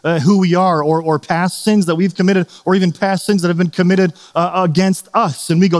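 A man's voice: high-pitched, moderate pace, hardly any pauses. Earnest male pastor preaching in a hall. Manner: earnest, animated, acts out quoted voices. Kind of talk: sermon.

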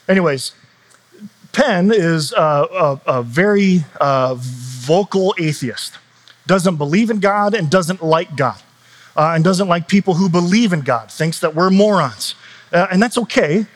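Man preaching, higher-pitched voice. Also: lively intonation, unhurried. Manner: conversational preaching with frequent restarts and fillers. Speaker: pastor. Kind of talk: sermon.

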